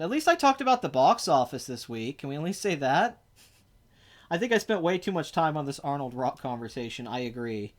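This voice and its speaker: A young man with a notably high voice hosts a casual podcast. He rambles in an animated way, talks straight to his viewers and teases the people around him. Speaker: podcast host. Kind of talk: casual livestream podcast chat.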